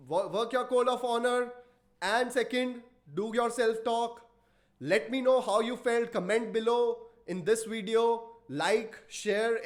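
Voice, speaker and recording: A man hosting a motivational podcast, speaking emphatically, repeating key phrases and putting rhetorical questions to his listeners. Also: high voice. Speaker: podcast host. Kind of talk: motivational talk.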